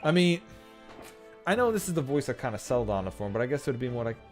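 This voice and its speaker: A man's voice: mid-range voice, big pitch swings, fast talker, soft background music. A man streaming a game, chatting casually and judging his own voice acting between voiced lines. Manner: chatty, self-critical about his voice acting.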